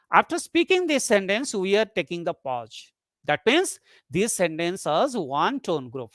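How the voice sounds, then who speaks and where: A lecturer talking through a webinar lesson in a mid-pitched voice, recorded dry and close with no room sound. The delivery is patient and explanatory, circling back over each point. Rhetorical questions keep the listeners engaged. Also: sing-song, moderate pace, no room sound.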